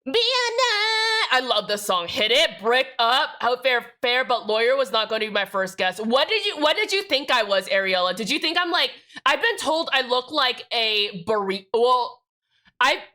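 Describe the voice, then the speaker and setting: Young woman streamer with a bright, somewhat high voice; irreverent, sassy, swears freely. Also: animated, normal speed. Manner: sassy, profane, joking with chat. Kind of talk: casual live-stream chat.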